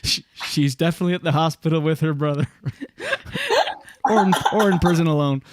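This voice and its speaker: A man's voice: a little high, big pitch swings, normal speed, noisy background. A man hosting a chat show, joking and telling stories. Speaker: host. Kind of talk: casual podcast chat.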